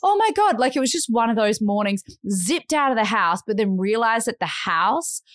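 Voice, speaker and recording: A woman's voice: mid-range voice, normal speed, a bit bright, dry recording, clean studio sound. An Australian woman in her thirties, a podcast co-host telling a story in casual chat. She talks animatedly, acts out other people's voices and says "like" a lot.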